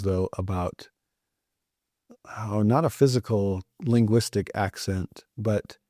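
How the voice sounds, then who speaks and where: A man's voice: fairly low pitch, mellow, dry recording. Man teaching scripture in a dry close voice. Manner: conversational, thinks aloud with restarts. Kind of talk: casual scripture lesson.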